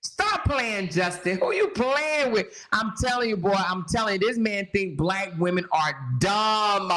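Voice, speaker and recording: A woman's voice: mid-range voice, expressive, a little slow, fairly bright tone. A woman host giving sassy reaction commentary, laughing often and talking straight to her viewers.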